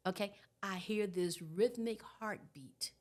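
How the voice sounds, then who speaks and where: An animated woman in her sixties explains things in a relaxed teaching tone. She often checks in with her listener with a quick "okay?". She speaks at a middle pitch. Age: 60s. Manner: animated, tags points with "okay?". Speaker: guest trauma educator. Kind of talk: conversational teaching.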